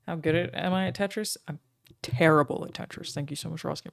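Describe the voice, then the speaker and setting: A woman from Australia, speaking, chats casually with her stream viewers, thanking them by name between stretches of talk with frequent "um" pauses. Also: deep voice, creaky.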